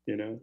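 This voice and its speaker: A man hosting a casual internet radio talk show, telling relaxed stories and laughing often. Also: slight background noise. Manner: laid-back storytelling with laughs. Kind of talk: casual chat.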